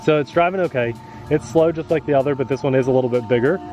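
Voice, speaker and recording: A man's voice: medium pitch, fast, music in the background. A man hosting an RC hobby channel, chatting casually and joking while testing a boat by a pond outdoors. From rural United States. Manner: easygoing, chatty, jokey. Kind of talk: casual outdoor review chat.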